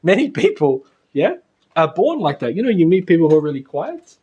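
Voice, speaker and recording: A man's voice: on the high side, sing-song, fairly quick, darkish tone, husky, dull audio. A man giving a casual spiritual lecture to a class, chatty and anecdotal, often laughing.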